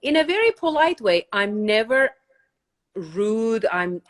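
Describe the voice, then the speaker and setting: Excitable, blunt woman podcast host. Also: on the high side, slow pace. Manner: blunt, excitable, self-mocking. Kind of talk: casual podcast chat.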